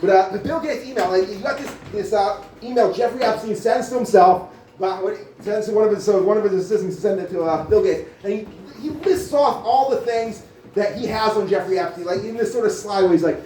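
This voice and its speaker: A man's voice: sits high, lively intonation, brisk, a little mellow, a little hiss or hum. A man doing a rambling, profane stand-up comedy set in a small cafe venue, full of filler words. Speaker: stand-up comic. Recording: echoey room, mic from far off.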